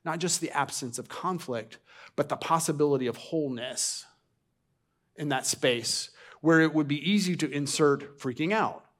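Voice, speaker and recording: A man's voice: on the high side, normal speed, fairly bright tone. A man preaching a sermon as a pastor in a church, talking in a loose, conversational way with repeated restarts and rhetorical questions put to the congregation. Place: church sanctuary.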